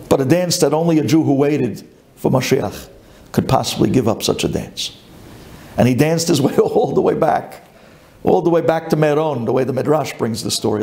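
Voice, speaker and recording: Rabbi guy telling a story in a sermon, really animated, jumps up high then drops low. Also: gravelly. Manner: dramatic, chanting lists, swings between high and low.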